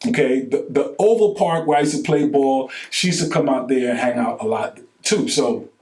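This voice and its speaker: Animated New man telling a story. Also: medium pitch, moderate pace, roomy sound. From New York. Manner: animated, acts out quoted dialogue with colloquial slang. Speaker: podcast co-host. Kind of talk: casual storytelling chat.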